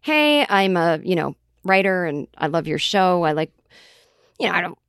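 A woman's voice: on the low side, very animated, normal speed, fairly bright tone, smooth, no room sound, clean studio sound. A woman comedian from the Boston area, telling a rambling, profane story in casual chat with lots of quoted voices. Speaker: comedian and writer.

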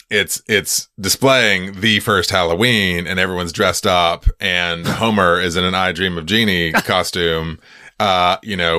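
A man's voice: sits low, bright, forceful tone, no room sound, clean studio sound. A man co-hosting a podcast in casual chat, rambling and hesitant with many fillers. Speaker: podcast co-host. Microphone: podcast microphone.

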